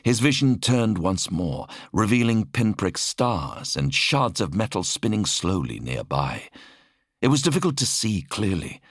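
A man narrating an audiobook in a dramatic, measured reading style. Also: fairly low pitch, sing-song, husky, dry recording, clean studio sound. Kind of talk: scripted narration.

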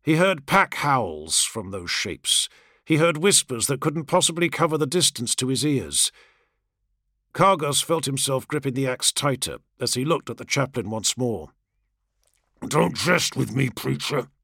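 A man narrating fiction as an audiobook in a measured, dramatic reading. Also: medium pitch, animated, sharp tone, no room sound, studio quality.

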